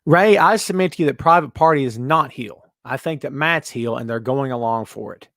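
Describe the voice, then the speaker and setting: A man's voice: mid-range voice, fairly quick, fairly bright tone, no room sound, studio quality. A man hosting a wrestling podcast, ranting emphatically and repeating himself, then answering chat questions casually. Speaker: podcast host.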